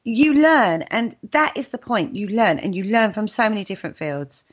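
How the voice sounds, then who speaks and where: A woman's voice: medium pitch, big pitch swings, moderate pace. A woman with a British accent hosting a casual radio chat show, chatty and enthusiastic. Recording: dull lo-fi radio audio.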